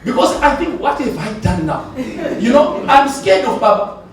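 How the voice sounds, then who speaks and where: Man from Zimbabwe, church elder, very high voice, testimony in a roomy hall. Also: moderate pace. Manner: animated, laughing, repeats himself. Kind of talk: conference testimony. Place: large conference hall. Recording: echoey hall from far off, faint noise.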